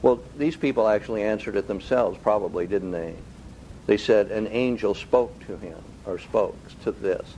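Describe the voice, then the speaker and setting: Male preacher, lower register, deliberate rhetorical sermon style. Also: dark tone, slight background noise, low-quality recording. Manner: asks the congregation rhetorical questions; slow, deliberate emphasis on key phrases.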